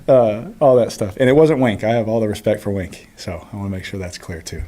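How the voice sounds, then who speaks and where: Man, 30s, quarterback at a postgame presser, easygoing, laughs often, mellow low voice. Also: fast talker, few pauses, slight background noise. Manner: relaxed, chuckling, many fillers. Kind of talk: postgame press conference answers.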